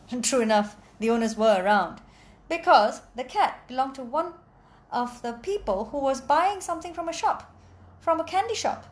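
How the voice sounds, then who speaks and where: Expressive woman storyteller, high lively voice, playful sound effects. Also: normal speed. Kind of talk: oral storytelling.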